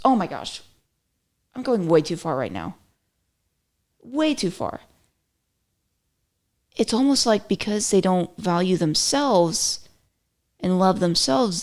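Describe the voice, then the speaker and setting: A woman's voice: fairly low pitch, a little mellow. A woman hosting her own podcast, talking in a chatty, rambling way with many "like"s and playful asides. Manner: chatty, rambling, self-interrupting with lots of "like"; playful, slips into mock voices for quotes. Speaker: podcast host. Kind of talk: casual solo commentary.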